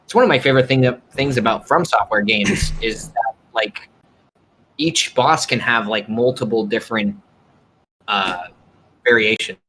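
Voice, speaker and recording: A man hosting a casual gaming chat, talking in an animated, rambling way with lots of fillers. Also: lowish voice, a little slow, a little hiss or hum, rough recording. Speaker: podcast host.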